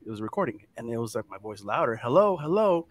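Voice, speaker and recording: A man telling a ghost story in casual chat, animated and dropping to hushed tones at the scary parts. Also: on the low side, fast talker, no room sound. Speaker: guest storyteller.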